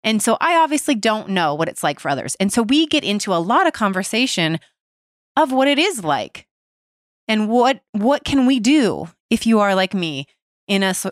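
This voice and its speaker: A woman's voice: medium pitch, big pitch swings, normal speed, no echo, studio quality. A woman in her thirties hosting a podcast, talking animatedly and openly, with swearing and laughter. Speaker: podcast host. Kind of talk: casual chat.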